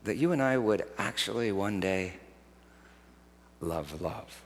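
A man preaching a sermon, swinging from hushed, slow phrases to loud, soaring outbursts. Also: fairly low pitch, animated, big-room sound.

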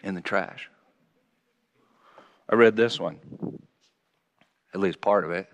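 A man in his sixties gives a self-mocking storytelling sermon, dropping to a low murmur and then rising to loud exclamations. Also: slow pace, slight background noise. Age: 60s. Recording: long hall reverb.

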